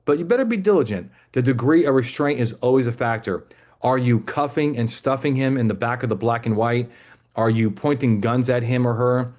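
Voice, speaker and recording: Man, webinar instructor, middle pitch, conversational, joking, fillers. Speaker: legal trainer for police. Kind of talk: live webinar lecture.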